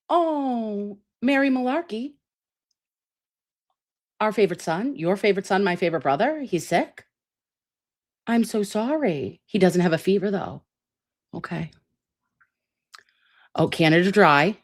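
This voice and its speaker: A woman's voice: mid-range voice, animated, unhurried, pauses often. A woman hosting a casual livestream chat, brassy, profane and dramatic while recovering from a sinus and ear infection. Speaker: livestream host.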